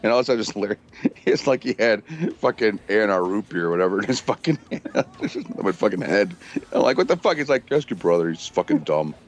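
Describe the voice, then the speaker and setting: A man's voice: on the low side, fast, a little hiss or hum. A man telling profane, laughing stories in casual chat, acting out quotes. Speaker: podcast regular.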